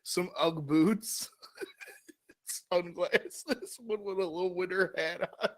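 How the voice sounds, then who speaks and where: Joking, higher-voiced male co-host. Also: slow pace. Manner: joking, laid-back, swears. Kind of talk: casual talk show banter.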